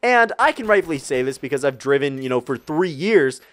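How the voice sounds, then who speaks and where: Young dude ranting a story, kinda high voice, swears a lot, rambly. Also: male voice, brisk. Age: young adult. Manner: animated, profane, rambling with many fillers. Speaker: vlogger. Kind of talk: casual storytime rant.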